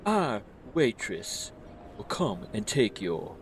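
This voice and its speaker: A man's voice: fairly low pitch, very animated, slow pace, slight background noise, pitched below the performer's own voice. A man voicing a snooty elf hostess, reading video game dialogue in an affected, fussy and theatrical way. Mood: prim.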